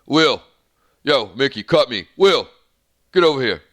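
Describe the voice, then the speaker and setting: A man doing a gruff Philly boxer. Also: medium pitch, expressive, unhurried, a bit bright, dry recording. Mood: tough. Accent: Philadelphia. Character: tough male Philly boxer, gruff and slow.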